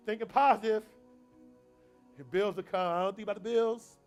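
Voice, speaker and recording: Young man, motivational speaker, very high voice, gravelly, call-and-response rhythm, faint music behind. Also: moderate pace. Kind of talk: motivational talk. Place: university event hall.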